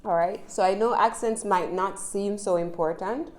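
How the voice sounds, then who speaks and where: A woman's voice: medium pitch, normal speed. A woman with a Jamaican accent teaching English in a chatty, encouraging way, often checking in with the listener. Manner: chatty, encouraging, frequent tag questions. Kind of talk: casual spoken lesson.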